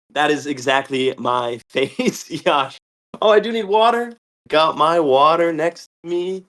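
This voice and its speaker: A young man hosting a live game stream, calling out the action excitedly and often tripping over his words with quick restarts. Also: medium pitch. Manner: excitable, shouts and laughs often. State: a bit out of breath. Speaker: host.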